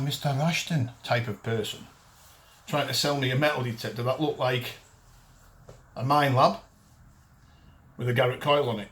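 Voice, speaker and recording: A man, hosting a detecting show and ranting bluntly to camera. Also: mid-range voice. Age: 50s. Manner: blunt, ranting, frequent restarts. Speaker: detecting show host and dealer. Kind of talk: casual chat to camera.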